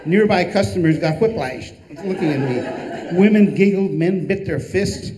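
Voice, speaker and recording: An older man, an author, reading a humorous memoir aloud with a dry, wry delivery and deadpan punchlines. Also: high voice, unhurried, background noise.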